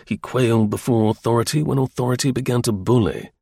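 A man narrating an audiobook in a measured, even storytelling manner. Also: medium pitch, gravelly, breathy edge, no echo, clean studio sound.

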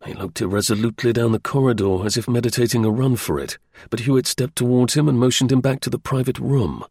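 Male narrator, steady reading, gravelly, dry close recording. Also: medium pitch, quick pace, no echo. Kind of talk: audiobook reading.

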